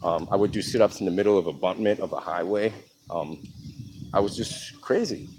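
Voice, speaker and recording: A man telling his own life story in a frank, halting way, pausing often with ums. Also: deep voice, a little mellow, low-quality recording. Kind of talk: candid personal monologue. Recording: outdoor traffic noise behind.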